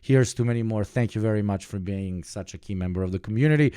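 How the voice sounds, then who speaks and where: A man's voice: lowish voice, quick pace, warm tone. A man streaming live, reacting to a clip with joking, profane commentary. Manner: joking, profane, mock-dramatic asides.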